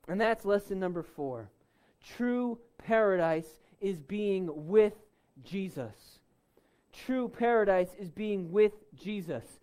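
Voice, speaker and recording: A man preaching a sermon, driving points home with loud, stressed words and dropping to soft, low asides. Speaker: pastor.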